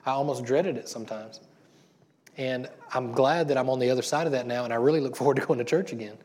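A middle-aged man delivers a sermon as a pastor in a loose, conversational way. He often restarts his sentences and talks as if chatting with friends. His voice sits at an ordinary middle pitch. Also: quick pace, darkish tone. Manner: casual and chatty, with frequent restarts and laughter.

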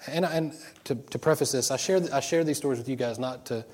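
A man's voice: medium pitch, fast talker, a little mellow. A middle-aged man preaching an informal sermon, telling personal stories in a rambling way with many restarts. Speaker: pastor.

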